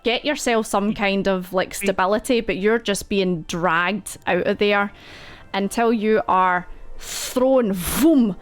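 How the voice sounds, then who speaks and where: A woman running a tabletop horror game, narrating slowly and unhurriedly. She rambles along with fillers and little asides, her pitch sitting in an ordinary middle range. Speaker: game master.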